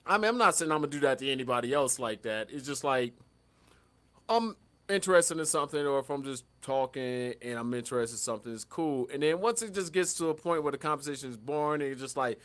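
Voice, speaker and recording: A man co-hosting a casual podcast, telling stories in a lively, profane way and acting out the people he quotes. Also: mid-range voice, quick pace. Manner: animated storyteller, acts out quotes, lots of profanity. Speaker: podcast co-host.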